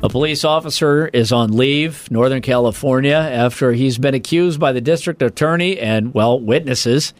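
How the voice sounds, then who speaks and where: A man's voice: mid-range voice, moderate pace, hardly any pauses, faint music behind. A man co-hosting a casual comedic chat show, reading out stories and riffing profanely, acting out quoted voices. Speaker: podcast co-host.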